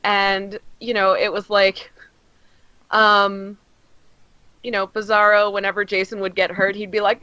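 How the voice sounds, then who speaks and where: A woman's voice: medium pitch, level tone, unhurried, pauses often, bright, forceful tone, clear, resonant tone, no echo, muffled recording. A woman co-hosting a comics podcast, chatting casually and effusively with lots of fillers as she retells stories. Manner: rambling and effusive, many fillers, acts out scenes. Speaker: podcast co-host reviewing comics. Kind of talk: casual chat.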